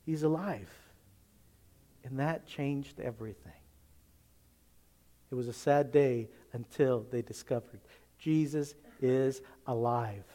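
A man preaching a sermon as pastor, emphatic, moving between hushed asides and loud, excited passages. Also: mid-range voice, slow pace. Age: adult, teenage years long past.

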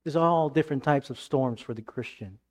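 A man preaching a sermon as pastor, emphatic, then dropping to hushed tones. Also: mid-range voice, brisk.

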